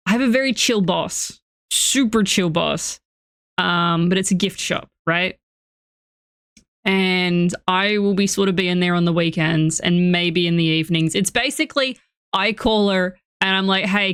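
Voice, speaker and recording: A woman's voice: fairly low pitch, fairly bright tone, dry recording. Chatty Australian woman streamer, dry mic. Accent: Australian, blended with Canadian. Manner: chatty, swearing, self-mocking storytelling. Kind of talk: casual chat while playing a game.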